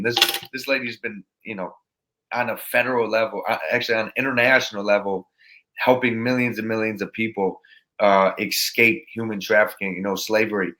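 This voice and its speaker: A man, a motivational speaker talking as a podcast guest in an energetic, rambling way, full of restarts. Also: on the low side. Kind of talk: casual interview chat.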